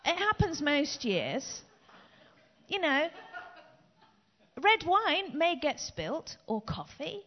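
Woman pastor, lively storytelling sermon, dull recording with a long hall echo. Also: high-pitched, slow, pauses often. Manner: lively, chatty storytelling with laughs. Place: church hall.

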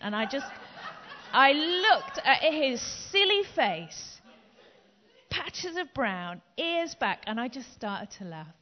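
A woman pastor giving a chatty, lively sermon full of everyday stories. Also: a little high, slow pace. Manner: lively, chatty storytelling with laughs. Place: church hall. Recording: dull, long echo in a hall.

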